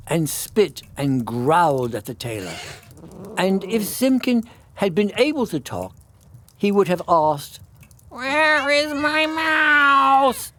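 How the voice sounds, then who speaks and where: A man, a priest, reading a classic children's story aloud in an expressive, melodic way. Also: high voice. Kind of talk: storybook narration.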